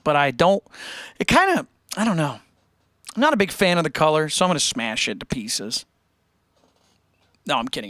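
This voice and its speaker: A man's voice: on the high side, a bit bright, no room sound, studio quality. A man hosting a live music stream, chatting casually and jokingly while he reads out viewer donations. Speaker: livestream music show host. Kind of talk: casual livestream chat between songs.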